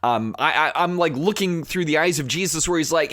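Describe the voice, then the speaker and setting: A man's voice: fairly high pitch, a little fast, no echo. Earnest man, dry close sound. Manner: earnest, conversational, with frequent restarts and fillers; rising to animated emphasis when fired up. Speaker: podcast host. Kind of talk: impassioned podcast monologue.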